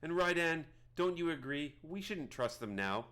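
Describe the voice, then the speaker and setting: A man voicing a stern, distrustful female fish-folk shaman who gives drawn-out, dramatic warnings. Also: fairly high pitch, expressive, a bit bright, voice pushed up.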